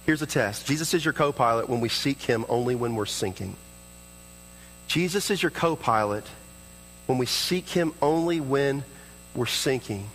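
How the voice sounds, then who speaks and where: The man sounds animated and a bit bright, speaking at normal speed in a big room on a low-quality recording. Preaching as pastor, he is earnest and performs prayers and dialogue in his own voice, shifting pitch throughout.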